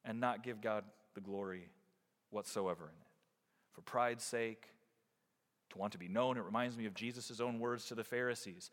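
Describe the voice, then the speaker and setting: A man preaching a sermon as pastor, swinging from loud emphasis down to quiet, close remarks. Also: lowish voice, moderate pace, big-room sound. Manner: expressive preaching, rising and dropping to near quiet.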